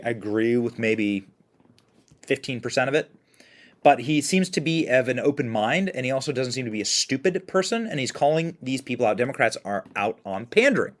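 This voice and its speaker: A man hosting a political commentary show, reacting to clips in a mocking, animated way. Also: mid-range voice. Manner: mocking, animated, laughs often.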